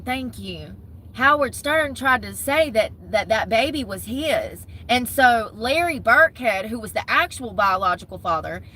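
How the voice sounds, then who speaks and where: A chatty young woman talking straight to her camera, gossiping and rambling in a bright, forceful voice. She sounds like she is sitting in her car, with a faint hiss of noise under her. She talks in a loose, easygoing way and keeps turning to her viewers. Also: a little high, poor audio. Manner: chatty, gossipy, talks with her hands in words like "y'all" and "homegirl". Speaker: vlogger. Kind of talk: casual chat to camera.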